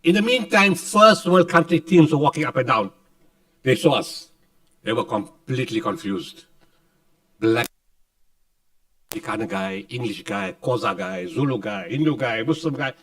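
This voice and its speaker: A man's voice: medium pitch, animated, normal speed, pauses often, a bit bright, distant mic, low-quality recording. A South African man giving a speech at a conference, telling a story dramatically and acting out the dialogue with emphasis. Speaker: keynote speaker. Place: conference hall.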